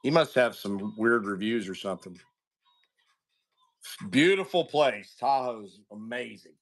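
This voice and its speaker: A chatty man hosts a card break stream, greeting viewers and telling stories full of asides in casual livestream banter. His mid-range voice is animated, and he speaks a little slowly.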